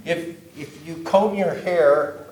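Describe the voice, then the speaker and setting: Slow and darkish in tone, with a fairly high pitch, a man talks a live audience through job interviews in a workshop. The meeting room sounds echoey. He speaks conversationally, repeats points, and often asks "okay?"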